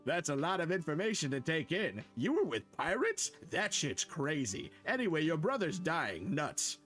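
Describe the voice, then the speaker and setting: A man's voice: fairly high pitch, very animated, normal speed, a bit bright, faint music behind. A man reading a pompous village dog doctor, mock-formal and slipping into casual swearing.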